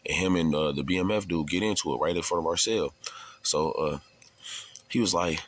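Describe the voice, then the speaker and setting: A man's voice: deep voice, a little fast, slight background noise. A man telling a story in a loose, profane, casual way, laughing along as he goes.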